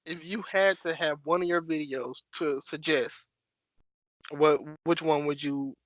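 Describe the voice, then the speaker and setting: A man's voice: a little high, steady tone, a little slow, a bit bright, dry recording. A man hosting a podcast, asking questions in easygoing casual chat. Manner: easygoing, short prompts. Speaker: podcast host.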